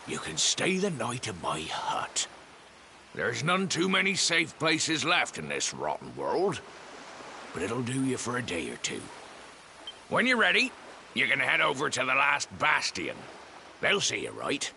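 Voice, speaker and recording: An actor voicing a folksy, kindly old fisherman in a video game, with a gravelly, rustic way of speaking. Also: medium pitch, huge pitch swings, a little slow, bright, forceful tone, a little hiss or hum, exaggerated voice. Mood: friendly. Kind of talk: game voice acting. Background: game music.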